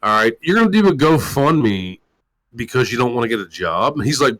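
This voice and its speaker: Speaking a little fast with big swings in pitch, a man rants on his call-in live stream, captured on a rough recording. The talk show host is loud and crude, mocking as he goes and swearing constantly.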